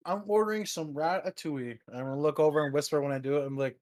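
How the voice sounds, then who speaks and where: A man's voice: a little high, quick pace, hardly any pauses, a little mellow. A man playing a tabletop game, talking in a laid-back, rambling way. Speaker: player.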